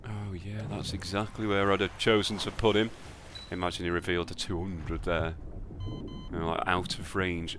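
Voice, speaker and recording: With a fairly low, slightly bright voice, little pitch movement and a moderate pace, a British slot streamer talks over a faint hiss or hum. His live commentary on his spins is sarcastic and full of swearing, with muttering between outbursts.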